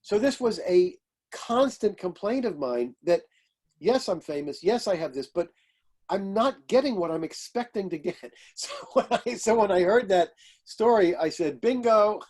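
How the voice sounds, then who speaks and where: An older man, an astrologer and author, telling lively stories in an interview and acting out the voices of people he quotes. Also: sits high, moderate pace. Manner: animated anecdotes, acting out quoted voices, laughing. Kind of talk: storytelling interview.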